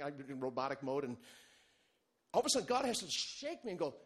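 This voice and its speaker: A male pastor preaching a sermon, animated and humorous, moving between loud bursts and quiet, low asides. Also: quick pace, long pauses, slightly rough. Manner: animated, humorous preaching with big swings in loudness.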